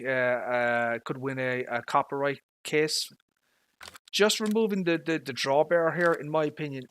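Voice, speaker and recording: A man's voice: a little high, fairly bright tone. Irish man rambling over gameplay noise. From Ireland. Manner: casual, rambling, opinionated, swears at the game. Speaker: livestreamer. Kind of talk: live gameplay commentary.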